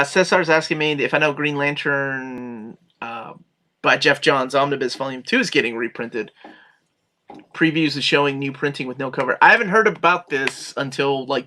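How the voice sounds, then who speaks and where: A man's voice: mid-range voice, moderate pace, sharp tone. A man hosting a live comics chat, reading viewer questions aloud and riffing on them. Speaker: host.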